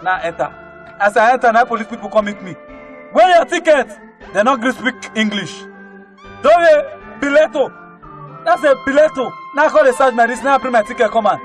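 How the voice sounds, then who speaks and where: High-voiced Nigerian comic storyteller. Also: male voice, fast talker, fairly bright tone, faint music behind. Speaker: comedian.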